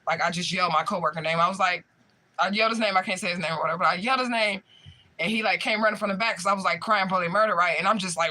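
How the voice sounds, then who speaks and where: Young guy with a high, super bright voice, cursing his way through a work story, laughing a lot. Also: very fast. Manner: profane, animated, laughs while retelling. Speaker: spiritual medium livestream host. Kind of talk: casual storytime rant.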